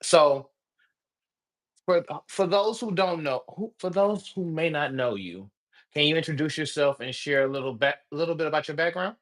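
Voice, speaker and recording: A man with a Southern accent hosting a live podcast interview, talking in an animated, enthusiastic way. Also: fairly high pitch, moderate pace. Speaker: podcast host.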